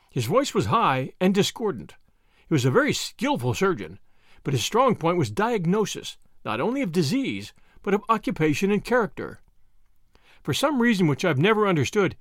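A man reading a memoir aloud in a measured, expressive narration. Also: on the high side, dry recording, clean studio sound. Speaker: audiobook reader.

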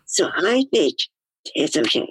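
A woman's voice: low voice, sing-song, measured pace, slightly rough, poor audio. A woman guest on a podcast, talking through ideas in a thoughtful, musing way with many fillers. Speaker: guest, disability activist. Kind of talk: casual podcast chat.

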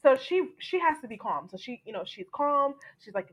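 A woman with a high, slightly breathy voice speaks at a moderate pace, though the audio quality is poor. She's hosting a podcast, animatedly recapping a TV episode and acting out the characters' lines.

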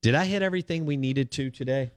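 A man's voice: mid-range voice, fast, smooth, no room sound, studio quality. A man hosting a radio sports talk show, chatting casually and rambling with plenty of ums and uhs.

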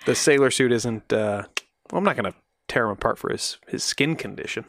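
A man's voice: medium pitch, fairly quick, fairly bright tone, no echo. A man co-hosting a casual podcast, cracking jokes and teasing. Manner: joking, wisecracking. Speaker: podcast co-host. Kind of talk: casual chat.

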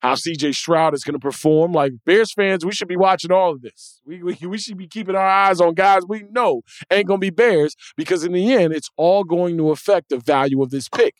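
A man hosting a sports podcast, talking in a casual, animated way with emphatic restarts. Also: high-pitched, a little fast, few pauses, dry recording. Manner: animated, emphatic, repeats words when he restarts. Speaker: podcast host.

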